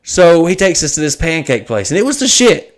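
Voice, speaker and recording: With a slightly high voice and a slightly fast pace, the podcast host tells a long story in casual conversation. Profane and animated, he acts out what people said.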